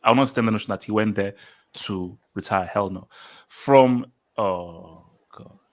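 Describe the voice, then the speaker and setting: A man's voice: lowish voice, normal speed. A British man hosting a live football talk stream, reading chat messages and arguing his points emphatically, often repeating lines for effect.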